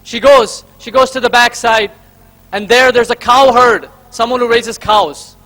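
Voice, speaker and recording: A man's voice: extremely high pitch, fairly even intonation, unhurried, bright, forceful tone. A man from Karnataka giving a convention speech, telling a story and then laying out numbered points to the audience he calls friends. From Karnataka, India. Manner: rhetorical, addresses the audience as friends, counts off points. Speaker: speaker at a convention. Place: convention hall stage.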